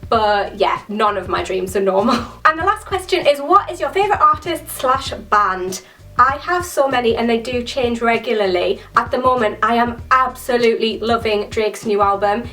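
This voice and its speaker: A woman's voice: fairly high pitch, moderate pace, hardly any pauses, a bit bright, far from the mic, faint music behind. Chatty young woman vlogging. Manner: chatty and enthusiastic, lots of "like" and "so crazy". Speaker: beauty vlogger. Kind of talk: casual Q&A chat to camera.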